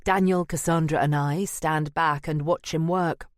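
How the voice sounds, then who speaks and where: A woman's voice: deep voice, steady tone, a little slow, dry recording. A woman narrating a first-person audiobook in a wry, dry manner. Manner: wry and dry, present-tense telling.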